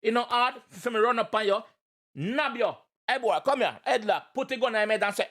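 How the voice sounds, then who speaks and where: A man with a Jamaican accent hosting a reaction video, talking in playful, loud patois and breaking into chanted shouts. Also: extremely high pitch, a little fast. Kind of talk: animated reaction commentary.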